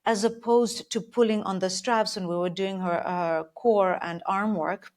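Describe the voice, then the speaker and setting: A woman's voice: mid-range voice, steady tone, measured pace, darkish tone. A woman working as a Pilates instructor, explaining her coaching approach in a thoughtful, step-by-step conversational way.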